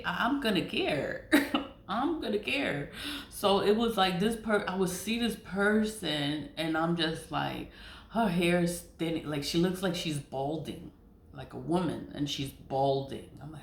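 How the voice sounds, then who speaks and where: A woman's voice: lowish voice, animated, measured pace, gravelly. A middle-aged woman telling a personal story in a blunt, candid way, swearing freely and laughing between lines. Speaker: spiritual content creator. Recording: roomy echo.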